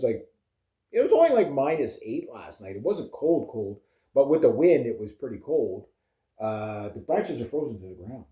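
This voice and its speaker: A man's voice: mid-range voice, dark tone, roomy sound. A man from Canada telling rambling farm stories as a vlogger, chatty and laughing often, with lots of fillers. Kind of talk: casual rambling storytelling.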